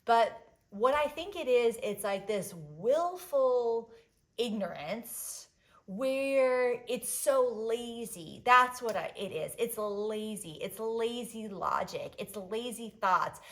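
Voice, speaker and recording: A woman in her thirties hosting a solo podcast in casual chat, animated and blunt, swinging between loud outbursts and quiet asides, with lots of "like" and "um". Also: on the high side, slow. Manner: swears freely, fillers like "like" and "um". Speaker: podcast host.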